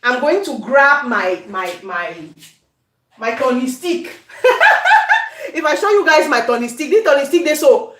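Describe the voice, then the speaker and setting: A Cameroonian woman with a high voice talks viewers through a recipe in her kitchen. She chats casually and drifts into Pidgin. The room rings with an echoey kitchen sound. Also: animated, measured pace, fairly bright tone. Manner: chatty, addresses viewers, breaks into Pidgin. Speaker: cooking channel host. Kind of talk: casual cooking demonstration. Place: home kitchen.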